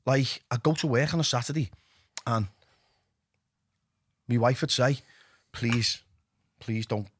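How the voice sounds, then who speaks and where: A man's voice: medium pitch, a little slow, breathy edge, no room sound. Liverpool man telling his story, dry close mic. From England. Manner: animated, drops to a hushed voice when quoting himself. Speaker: podcast guest, DJ. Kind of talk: candid interview storytelling.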